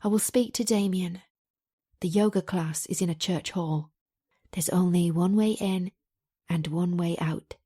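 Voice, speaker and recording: A woman's voice: on the low side, steady tone, unhurried, dark tone, husky. A woman reading a romance audiobook in the first person, in a chatty, confiding manner. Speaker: audiobook narrator.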